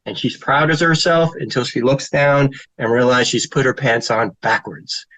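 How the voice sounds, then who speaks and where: Poor audio captures a mid-range, somewhat bright male voice speaking at normal speed. He's a middle-aged child therapist giving a slide talk, telling stories casually with fillers and occasionally putting on children's voices.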